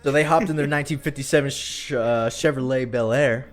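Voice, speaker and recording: A man, telling a story in a drawn-out country storytelling voice and often asking "all right?". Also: medium pitch. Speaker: podcast co-host.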